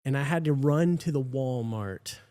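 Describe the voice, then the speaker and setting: A man's voice: medium pitch, normal speed, dark tone, no echo. A man hosting a podcast in casual chat, telling a rambling, self-deprecating story. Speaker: podcast host.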